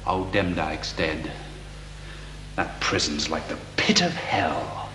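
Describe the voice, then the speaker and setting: An actor playing a troubled man who quietly questions and reproaches the magistrate, in a 1970s television drama. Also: fairly low pitch, big pitch swings, takes it slowly, full character voice. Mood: uneasy. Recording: echoey old film sound with hum.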